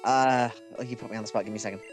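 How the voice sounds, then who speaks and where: A man giving excitable football-style play-by-play commentary on a video game as a guest. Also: lowish voice, very fast, faint music behind. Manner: excitable, rising to shouts at big moments.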